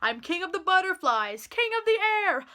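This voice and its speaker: A woman's voice: very high-pitched, very animated, moderate pace, pushed and bright, voice pushed up, full character voice. A woman voicing a pompous, boastful male turtle king who bellows his commands. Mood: gloating.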